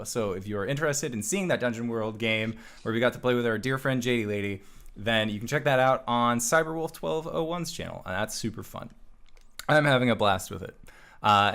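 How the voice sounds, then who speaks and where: Man, mid-pitched, casual game master, a bit breathless, loose and chatty. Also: fairly bright tone. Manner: chatty, rambling, laughs often. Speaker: dungeon master. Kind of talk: casual stream intro for a tabletop game.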